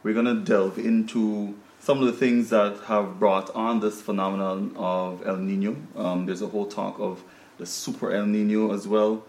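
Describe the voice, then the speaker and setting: A man's voice: lowish voice, level tone, moderate pace, a little mellow, reverberant. A man with a Guyanese accent hosting a studio panel discussion, talking conversationally with frequent fillers and restarts. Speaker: talk show host.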